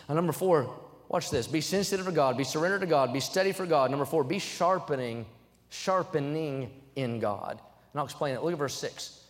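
Young man, preacher, sermon, fairly high voice, emphatic, fervent peaks, church sanctuary, long reverb. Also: lively intonation, a little fast. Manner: reads scripture aloud between points.

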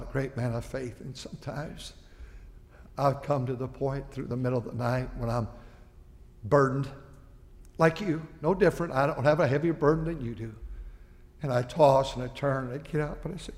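An older man preaching a sermon to his church, impassioned, swinging between quiet confiding and loud pleading. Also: medium pitch, moderate pace. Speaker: pastor. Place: church sanctuary. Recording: long reverb of a church hall.

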